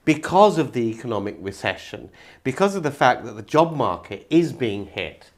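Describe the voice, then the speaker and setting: A man's voice: medium pitch, sing-song, normal speed. A British man hosting a property podcast, asking probing questions in a joking, conversational way. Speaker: podcast host. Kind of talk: casual interview chat.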